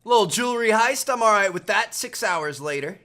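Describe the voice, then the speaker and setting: A man's voice: high voice, animated, normal speed, bright, forceful tone. Upbeat man commentating gameplay. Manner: upbeat, chatty.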